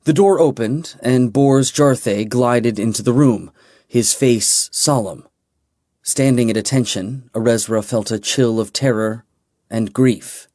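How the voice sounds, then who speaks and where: A man narrating a fantasy novel in a measured, deliberate way. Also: mid-range voice, darkish tone, no room sound, studio quality. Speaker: audiobook narrator.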